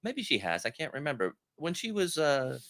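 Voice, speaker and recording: A man chats casually as a co-host. He is agreeable and talkative, offers his opinions, and his voice is bright and moves up and down a lot. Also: a little high, sing-song, normal speed. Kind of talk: casual chat.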